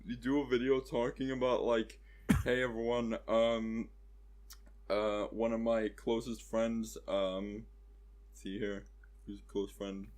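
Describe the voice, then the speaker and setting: A man's voice: fairly low pitch, flat delivery, unhurried, darkish tone. A man co-hosting a casual podcast, joking and teasing with a friend and swearing freely. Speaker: podcast co-host. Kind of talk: casual chat.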